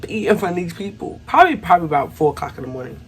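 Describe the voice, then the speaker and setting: A woman's voice: on the low side, sing-song, very fast, faint music behind. A young adult woman telling a personal story to her viewers in a casual, chatty way, often calling them y'all. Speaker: vlogger.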